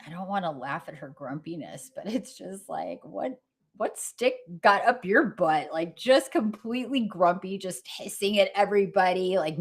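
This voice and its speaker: A woman's voice: medium pitch, breathy edge. A woman hosting a livestream, talking in a casual, rambling way full of fillers and restarts, and laughing easily. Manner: chatty, meandering, many fillers and restarts. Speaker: livestream host.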